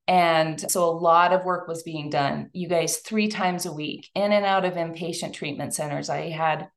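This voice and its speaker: Low, gravelly-voiced woman giving an earnest talk. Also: steady tone, moderate pace. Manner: earnest and heartfelt, addresses the audience directly. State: tearful at times. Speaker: speaker giving a talk to women. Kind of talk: personal testimony talk.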